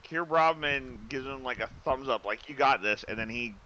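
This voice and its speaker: A man's voice: medium pitch, normal speed, bright, forceful tone, a little hiss or hum. A man playing in an online tabletop game, hesitant and often starting with filler sounds, over a muffled voice chat. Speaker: player.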